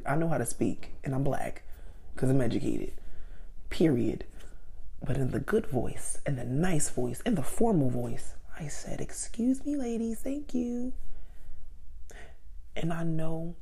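Woman, low husky gravelly voice, candid personal storytelling with quoted voices. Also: dark tone.

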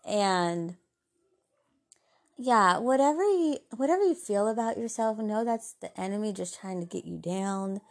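A woman hosting a podcast, giving an earnest, heartfelt, faith-based talk of encouragement that often softens into gentle asides. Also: medium pitch, lively intonation, measured pace. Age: adult mother. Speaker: podcast host.

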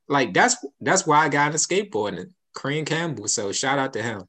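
A man's voice: medium pitch, big pitch swings, a little fast, bright, forceful tone. A young man chatting casually, telling childhood stories with easy laughter. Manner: laid-back storytelling, laughs often, acts out quotes. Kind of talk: casual chat.

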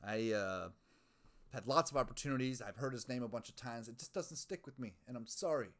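A man's voice: medium pitch, fairly quick. A man hosting his own podcast, rambling casually and profanely, musing aloud and mocking himself. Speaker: podcast host.

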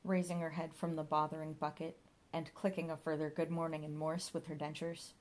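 A woman's voice: sits low, little pitch movement, fairly quick, a little mellow. A woman narrating a comic audiobook in a dry storytelling manner.

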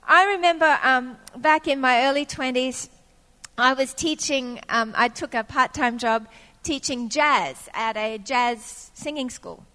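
A woman's voice: high-pitched, a little slow, bright, forceful tone, long reverb tail. A woman preaching a sermon, telling a personal story and acting out what her younger self said.

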